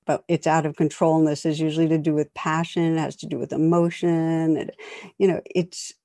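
A woman meditation teacher giving a calm, reflective dharma talk with gentle jokes. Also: deep voice, no echo, clean studio sound.

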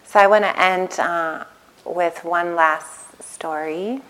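Woman, meditation teacher, dharma talk, gentle storytelling, slightly low voice. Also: steady tone, takes it slowly, rough recording. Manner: gentle, storytelling, soft-spoken. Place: retreat center meditation hall.

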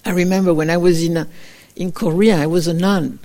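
A woman teaching meditation in a soft, reflective dharma talk. She often slips into little acted-out asides of her own inner voice. Her talk is loose and unhurried, full of small fillers. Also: on the low side, fairly even intonation. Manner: gentle, reflective, with frequent fillers like "kind of". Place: meditation retreat center.

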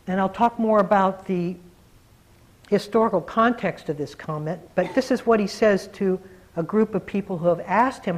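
A male meditation teacher speaks to a gathered group in a dharma talk. He is reflective and earnest. He often slows down and leans on single words for emphasis. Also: sits high, low-quality recording.

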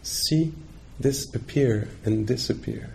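A male meditation teacher giving a dharma talk on retreat, gentle and reflective, pausing often as he searches for words. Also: mid-range voice, creaky. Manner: halting, searching for words with many pauses.

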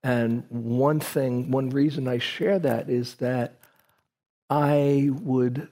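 A man's voice: medium pitch, very slow, mellow. A man giving a reflective dharma talk to a group, telling a personal story with frequent restarts.

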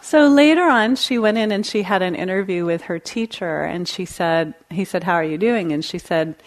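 Gentle woman giving a meditation talk. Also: lowish voice, expressive, moderate pace. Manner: gentle, conversational with light laughter. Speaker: meditation teacher. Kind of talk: dharma talk. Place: meditation hall.

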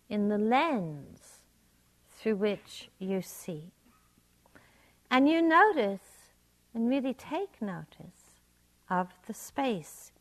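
Gentle woman meditation teacher. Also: on the high side. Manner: gentle, reflective, unhurried. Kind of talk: dharma talk.

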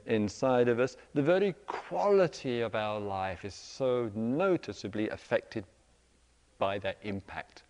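A middle-aged man giving a meditation talk, telling everyday stories with lively, acted-out quotes. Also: medium pitch, highs cut off. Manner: animated storytelling, acts out quoted voices. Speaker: meditation teacher. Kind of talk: dharma talk to retreat audience. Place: retreat center meditation hall. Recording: reverberant hall recording.

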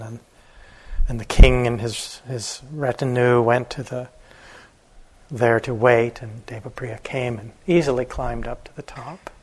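A man, a meditation teacher, telling an old fable in a gentle, unhurried way during a morning talk. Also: medium pitch, breathy edge, rough recording.

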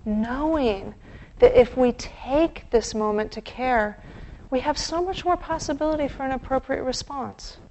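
Gentle, reflective woman meditation teacher. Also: high-pitched, a little slow, slight background noise, rough recording. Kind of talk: dharma talk.

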